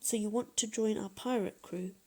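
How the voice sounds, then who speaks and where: A woman's voice: medium pitch, fairly even intonation, normal speed, a little mellow, husky. A woman voicing a bossy, nasty female pirate captain who barks orders. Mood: sizing up. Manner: barking orders.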